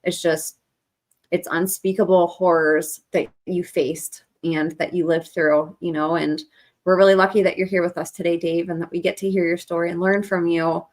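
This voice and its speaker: A woman's voice: lowish voice, level tone, moderate pace. A woman hosting a podcast interview, speaking to her guest in a sympathetic, earnest way. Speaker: podcast host.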